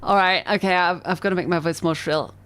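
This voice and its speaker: A woman streaming a game live, chatting excitably and reading the game's narration aloud. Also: lowish voice, fairly quick. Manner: excitable, chatty, self-deprecating. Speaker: vtuber streamer.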